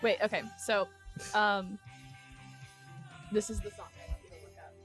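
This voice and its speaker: A woman's voice: medium pitch, fairly even intonation, normal speed, music in the background. A young woman co-hosting a college radio show, chatting casually and gushing with self-mocking humor. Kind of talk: casual chat. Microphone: studio mic.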